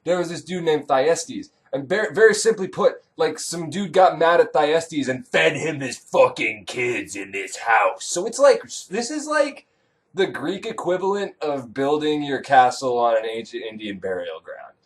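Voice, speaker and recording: A young man retelling an old tale as irreverent comedy, sarcastic and full of profane asides. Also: on the high side. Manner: animated, sarcastic, rapid asides. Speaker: comedic storyteller.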